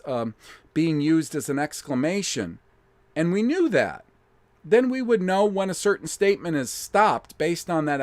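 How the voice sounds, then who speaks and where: A man's voice: fairly high pitch, a little mellow, no room sound. A man hosting a casual live-stream lecture, thinking aloud in a blunt, emphatic way with mild swearing and frequent restarts.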